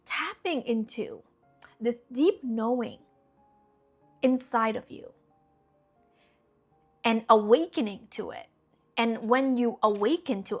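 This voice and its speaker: A woman's voice: a little high, measured pace, pauses often, faint music behind. A woman spiritual coach talking casually to her viewers, earnest and chatty, often adding "you know" and "okay?". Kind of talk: casual spiritual talk to camera.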